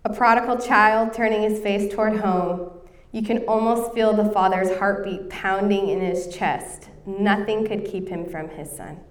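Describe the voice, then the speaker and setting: A woman's voice: medium pitch, fairly even intonation, measured pace, recorded from a distance. Woman preacher, thirties, earnest sermon, set back from the mic. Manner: earnest, storytelling, coughing now and then. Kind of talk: sermon with personal story.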